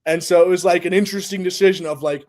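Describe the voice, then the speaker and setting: A man's voice: high voice, steady tone, fast talker, a little mellow. A man explaining things loosely in casual podcast chat, rambling with lots of fillers and the odd swear word.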